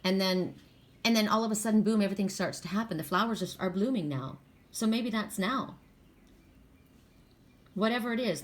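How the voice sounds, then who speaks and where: Speaking straight to viewers, an older woman gives a casual oracle card reading in an earnest, spiritual way. Her pitch is medium, and she frequently restarts and corrects herself.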